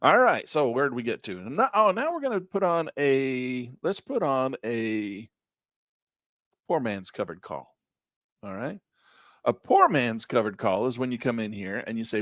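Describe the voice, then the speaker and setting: A middle-aged man giving a live trading lesson in a folksy, upbeat way, losing his voice and clearing his throat. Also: medium pitch, big pitch swings, measured pace, fairly bright tone, dry recording, studio quality. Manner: folksy, upbeat, talks while clicking through charts. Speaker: trading instructor.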